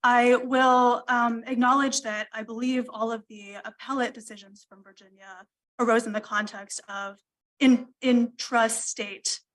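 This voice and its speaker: A woman lawyer making a formal argument to appellate judges, measured and deferential, with frequent ums. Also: on the high side, flat delivery, fairly bright tone, low-quality recording. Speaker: attorney arguing appeal. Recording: courtroom livestream audio.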